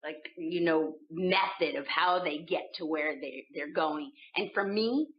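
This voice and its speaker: Chatty woman, low voice, lo-fi sound. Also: a little slow. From United States. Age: 40s. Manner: animated, laughing, searching for words with many restarts. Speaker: voice actress guest. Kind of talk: casual interview chat. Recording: dull lo-fi sound.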